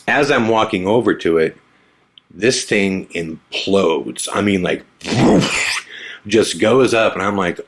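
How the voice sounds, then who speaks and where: Laughing, lower-voiced male podcast host. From Omaha area, USA. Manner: animated, laughs often, acts out quoted lines. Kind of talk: casual storytelling.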